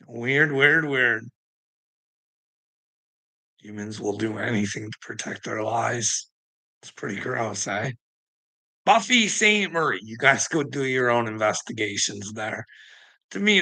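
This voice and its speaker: A man with a gravelly, fried edge to his voice and a bright, forceful tone rants to his viewers. He talks bluntly and indignantly, with heavy swearing in a loose monologue. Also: medium pitch, low-quality recording. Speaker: vlogger. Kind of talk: profane ranting monologue.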